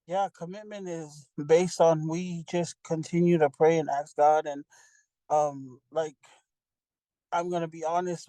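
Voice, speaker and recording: A woman's voice: low-pitched, dark tone, no echo, low-quality recording. A woman sharing a church testimony as a youth ministry leader, earnest and rambling with many fillers and restarts.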